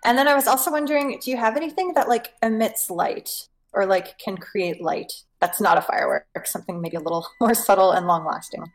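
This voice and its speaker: A woman's voice: mid-range voice, a little fast, few pauses, poor audio. A woman playing a tabletop game, asking the shopkeeper curious questions and giggling.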